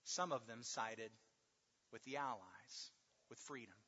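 A man preaching a sermon, emphatic and repetitive, drawing out key words slowly for stress. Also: mid-range voice, sharp tone. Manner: emphatic, with rhetorical repetition and slow drawn-out stresses. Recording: long hall reverb, dull lo-fi sound.

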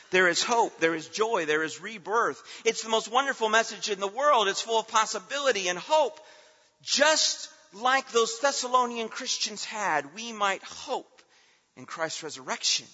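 A man delivers a sermon with a high, ringing, bright voice. His phrases build through rhythmic repetition and then drop back. The sound is dull and lingers in a reverberant sanctuary. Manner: emphatic, rhythmic repetition with swelling and dropping delivery. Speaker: preacher. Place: church sanctuary.

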